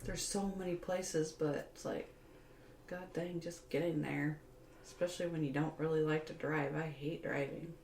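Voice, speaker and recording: A woman's voice: low voice, fairly even intonation, moderate pace, a little mellow. A woman co-hosting a casual podcast chat, talkative and blunt, swearing casually and laughing often. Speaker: podcast co-host. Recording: echoey room, faint background hiss.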